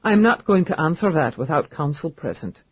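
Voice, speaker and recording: A man voicing a wealthy, teasing, smooth-talking man in an audiobook, calm and dryly amused. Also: fairly high pitch, brisk, no room sound, phone-quality sound.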